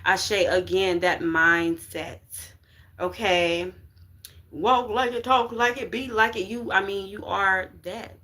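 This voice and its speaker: A woman's voice: mid-range voice, fairly even intonation, takes it slowly, pushed and bright. Woman doing a spiritual live, slangy and preachy, keeps asking if you get it. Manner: call-and-response, repeats "you get what I'm saying". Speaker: spiritual reader on a live stream. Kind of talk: casual livestream tarot reading.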